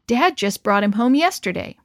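Woman doing a bold, shouting farm boy. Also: a little high, animated, normal speed, dry recording, studio quality, natural voice. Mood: boastful. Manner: shouting, daring. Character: eager, boastful farm boy.

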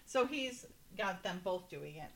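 A woman's voice: fairly low pitch, unhurried, creaky, slight background noise. A woman co-hosting a casual chat, animatedly retelling a TV episode and quoting its characters. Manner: animated retelling, quotes the characters' lines with laughter. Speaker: podcast co-host.

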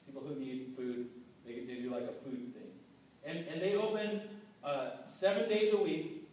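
A man preaching a casual, animated sermon with restarts, acting out quoted voices. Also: medium pitch, moderate pace, slight background noise. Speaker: pastor. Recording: very echoey hall, mic far off.

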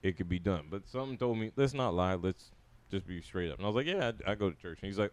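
A young man rattles through an anecdote at a fast clip, voicing the people in it as he goes. His voice sits on the low side and comes through smooth and clean. The tone is loose banter among friends. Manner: fast, animated anecdote telling with quoted dialogue. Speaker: podcast co-host. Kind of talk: casual storytelling among friends.

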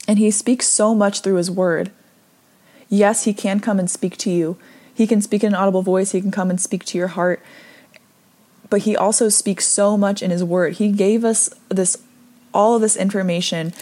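A woman giving a conversational devotional talk, earnest and gently encouraging, reading scripture aloud between her own thoughts. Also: fairly low pitch. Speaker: devotional speaker.

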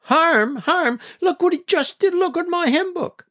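A man voicing a quick-tempered, bossy old grandmother who scolds and gives orders in high, shrill cries. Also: sing-song, creaky, a bit bright, dry recording, clean studio sound, heavily acted. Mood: outraged.

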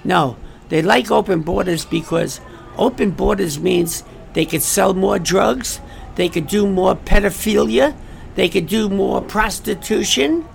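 A man with a high-pitched, gravelly, fairly bright voice delivers a political commentary monologue. He is emphatic and repetitive, posing rhetorical questions and making asides to his listeners.

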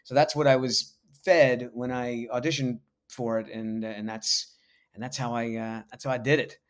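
A man in his forties from the United States, a voice actor telling stories in a casual interview, laid-back and halting, self-deprecating. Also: mid-range voice, fairly even intonation. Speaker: voice actor guest.

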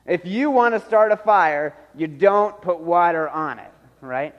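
A man preaching a sermon in a high voice, acting out the voices in the story and laughing often as he goes. His words ring out with a long reverb, as in a big hall. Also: animated, measured pace, dull audio. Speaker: pastor.

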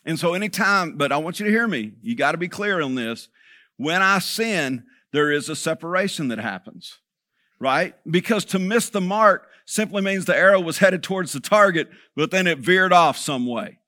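A man's voice: a little high, animated, normal speed, bright, forceful tone, no echo, studio quality. A man preaching a sermon as pastor, talking conversationally and checking in with the congregation.

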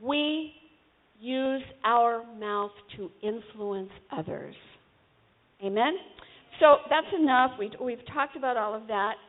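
A woman's voice: fairly high pitch, takes it slowly, phone-quality sound. A woman preacher giving a conversational sermon and urging her congregation to join in.

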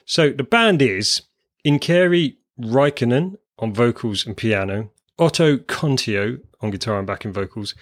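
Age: adult. Sex: man. Role: chatty podcast co-host. Style: rambling, self-deprecating music chat. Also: mid-range voice. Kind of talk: casual chat about music.

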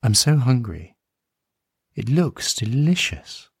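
Man voicing a soft-spoken hungry young woman. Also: medium pitch, sing-song, slow, vocal fry, husky, no room sound, clean studio sound, exaggerated voice. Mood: pleading. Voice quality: soft whisper-like voice.

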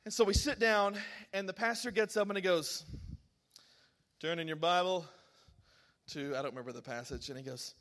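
A man preaching a sermon, telling a personal story with animated bursts of excitement and laughter. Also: sits high, quick pace. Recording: long hall reverb.

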